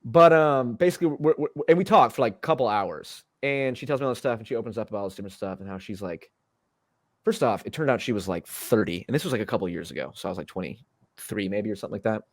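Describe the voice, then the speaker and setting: A young man in his twenties tells a long story on a casual podcast, piling on fillers and restarts. He talks fast in a lowish voice. The sound is dry and close. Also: lively intonation, no echo. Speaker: podcast host.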